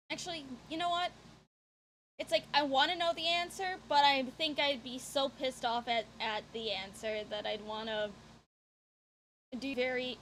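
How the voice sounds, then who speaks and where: A woman's voice: sits high, a bit bright, slight background noise. A young woman streaming herself, reacting to footage with angry, profane outbursts. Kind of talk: reaction livestream.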